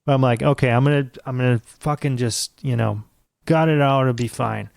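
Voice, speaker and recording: A man's voice: mid-range voice, fairly even intonation, brisk, gravelly, darkish tone, no echo, clean studio sound. A man, co-hosting a podcast and telling rambling, profanity-laced stories in casual chat. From United States. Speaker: podcast co-host.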